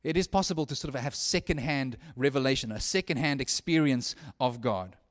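A man preaching a sermon, earnest and conversational, often restarting his phrases and swinging from hushed lines to loud ones. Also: medium pitch, fairly quick.

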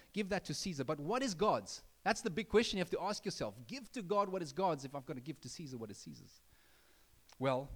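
A man preaching a sermon in a conversational way, with asides to the congregation and rising emphasis on key points. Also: fairly high pitch. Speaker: pastor. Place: church building.

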